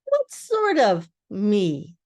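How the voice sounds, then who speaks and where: A woman's voice: mid-range voice, wildly swooping pitch, very slow, darkish tone, heavily acted. An older woman voicing a simple, cheerful, honey-loving bear, humming in a sing-song way. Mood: eager.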